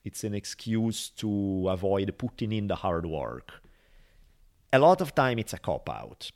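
A man's voice: on the low side, unhurried, gravelly. A man hosting a podcast, talking casually and acting out quoted speech as he tells a story. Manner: animated, acts out quotes and voices in a story. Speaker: podcast host.

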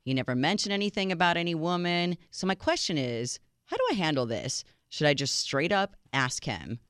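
A woman co-hosting a casual dating-advice show, animated, jumping high in pitch when she acts out quotes. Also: normal speed, clear, resonant tone, dry recording, clean studio sound. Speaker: co-host. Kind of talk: casual podcast chat.

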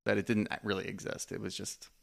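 Gravelly man rambling in podcast chat. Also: lowish voice, level tone, brisk. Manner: rambling, sweary, lots of filler likes. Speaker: podcast co-host. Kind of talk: casual chat recapping a reality show.

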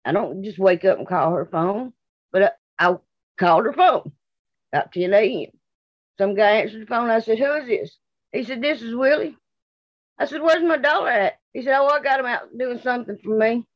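A woman with a Mississippi accent speaks bluntly and indignantly, her voice a little high for a woman. She repeats herself as she tells what happened in an interview. The recording is dry and a bit dull, with no room sound. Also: normal speed, dry recording. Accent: Southern US, Mississippi. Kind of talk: emotional interview testimony.

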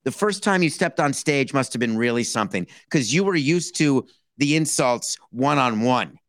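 A man's voice: medium pitch, expressive, moderate pace, no room sound, clean studio sound. A man hosting a podcast, asking thoughtful leading questions in an interview. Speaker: podcast host.

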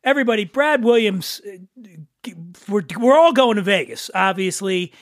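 Joking podcast host guy, high voice, dry close sound. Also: expressive, moderate pace, dry recording. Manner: joking, teasing. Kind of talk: casual chat.

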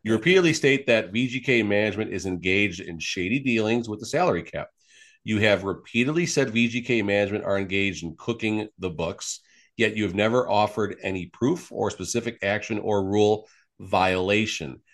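A man's voice: on the low side, fairly quick, fairly bright tone. A man co-hosting a sports podcast, rambling and teasing his co-host while searching for words. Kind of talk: casual sports podcast chat.

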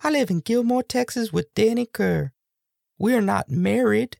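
A man putting on a high girly falsetto to read out a woman's sworn statement. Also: moderate pace, creaky, darkish tone, no room sound, clean studio sound. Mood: earnest.

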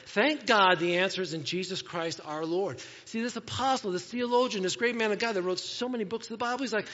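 A man preaching to his congregation in a loose, conversational way, mixing scripture reading with asides that poke fun at himself. His voice sits a bit high for a man. The sound is a little dull and carries a long church-hall reverb. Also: fairly quick, few pauses, a bit bright. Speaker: pastor. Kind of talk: sermon. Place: church sanctuary.

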